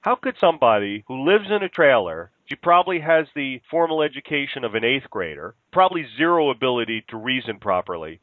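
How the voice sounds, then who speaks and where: A man's voice: medium pitch, very animated, brisk, few pauses, no room sound. A man hosting a radio talk show, reading a news article aloud and adding sarcastic, scornful remarks. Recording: tinny phone-like radio audio.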